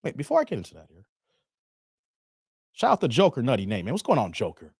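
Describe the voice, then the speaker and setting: A man's voice: mid-range voice, huge pitch swings, fast talker, creaky, a little mellow, breathy edge, no echo, clean studio sound. A man hosting a livestream commentary, emphatic and rambling, who repeats himself and uses a lot of slang. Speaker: YouTube commentary host. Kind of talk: livestream commentary with donation shout-outs.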